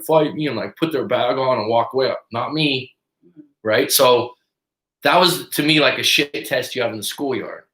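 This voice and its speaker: A mid-range male voice echoes around the room as the man, a coach hosting a live stream, relates a story. He's casual and profane, animatedly acting out the quoted lines of those in the tale.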